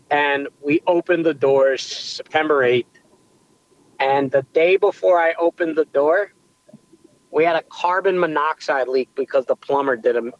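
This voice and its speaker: A young adult man, a pizzeria owner, telling his story in a casual interview, animated and rambling with restarts. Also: a little high, muffled recording. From United States.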